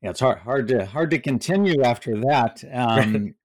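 A man, the author of a book, reads a passage and then reflects on it in a measured way, pausing often between thoughts. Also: mid-range voice, lively intonation, no echo. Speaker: author discussing his book.

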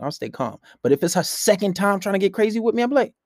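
A man's voice: high-pitched, fast, hardly any pauses, no room sound. Profane young man ranting, close and dry. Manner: profane, rambling, blunt. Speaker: podcast host. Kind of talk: casual dating-advice rant. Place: home room at night. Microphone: laptop.

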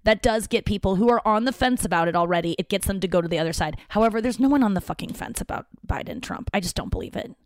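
A woman's voice: mid-range voice, fast talker, few pauses, dry recording, clean studio sound. A woman hosting a podcast, talking in a casual, rambling, self-deprecating way and swearing now and then. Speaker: podcast host. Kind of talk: casual solo monologue.

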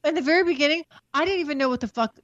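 A woman's voice: high-pitched, fairly bright tone, no room sound, dull audio. Frank, profane woman telling candid stories. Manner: frank, profane, storytelling with halting restarts. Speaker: podcast guest. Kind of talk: candid casual chat.

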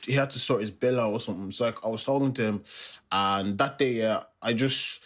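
A young man co-hosting a podcast, casually telling animated stories and acting out voices. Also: lowish voice, a little fast. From Ireland. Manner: animated storyteller, acts out voices, laughs a lot. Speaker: podcast co-host. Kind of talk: casual chat.

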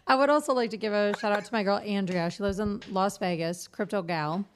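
A woman's voice: mid-range voice, fairly quick, a little hiss or hum. Casting: female podcast co-host, giggly, loose, casual plugs.

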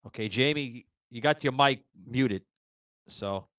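A man hosting a political podcast rants heatedly during a live audio room broadcast, cursing often and tripping over repeated, stammering restarts as he gets worked up. He speaks at medium pitch and a measured pace, with a fairly bright tone and no room sound.

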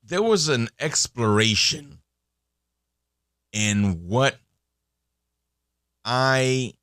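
A man's voice: medium pitch, expressive, very slow, a bit bright, clear, resonant tone, no room sound, studio quality. A man in his thirties hosting a podcast, talking in a casual, rambling monologue full of fillers and restarts. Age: 30s. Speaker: podcast host.

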